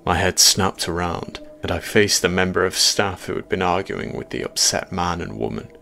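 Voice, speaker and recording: A man reads a first-person horror tale in a measured, quietly ominous manner. His voice sits very low, with a rough, gravelly edge. A faint hiss of noise lies under the reading. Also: animated. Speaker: horror story narrator.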